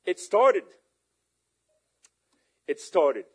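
Husky male preacher, high-pitched, fiery storytelling. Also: very animated, extremely slow. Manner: impassioned, rising to shouts. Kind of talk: sermon storytelling.

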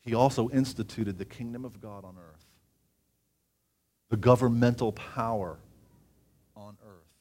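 A man preaching a sermon, reading scripture aloud with asides and often rising in pitch and volume for emphasis. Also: a little slow, long pauses, darkish tone.

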